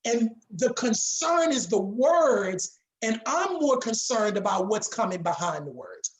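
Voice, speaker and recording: A woman's voice: on the high side, sing-song. Emphatic woman teaching public speaking. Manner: emphatic, deliberate, repeats key words. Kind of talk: teaching a class. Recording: roomy echo.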